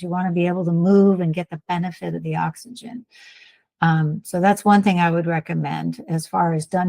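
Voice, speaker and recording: A woman's voice: fairly low pitch, vocal fry, darkish tone, dry recording. A woman co-hosting a health podcast, giving plain-spoken, encouraging advice on exercise and breathing like a respiratory therapist. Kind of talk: casual advice chat.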